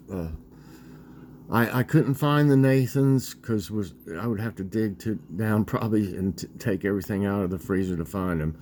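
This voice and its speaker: A man in his sixties chatting casually in a vlog, rambling and halting with lots of fillers as he tells a childhood story and talks about dinner. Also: fairly low pitch, a little mellow, slight background noise. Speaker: vlogger.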